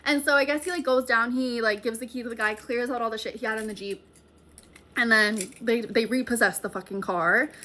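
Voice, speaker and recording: This young woman's voice is on the high side, bright and forceful, fairly quick with a steady tone. She's a storytime vlogger spinning a casual tale for her viewers, swearing freely and saying "like" constantly.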